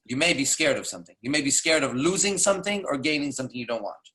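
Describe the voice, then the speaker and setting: A man's voice: mid-range voice, lively intonation, fast, bright, forceful tone. A man talking in a casual monologue as a dating coach, blunt and profane, dropping "right?" and "okay?" after nearly every point. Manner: frequent tag questions like "right?" and "okay?".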